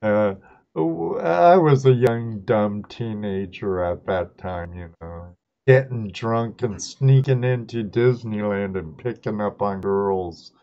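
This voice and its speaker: Slow and warm, this fairly low male voice belongs to a middle-aged host from Southern California who wanders through stories on his live stream, chuckling at his own jokes. It's casual chat captured in dull, lo-fi stream audio.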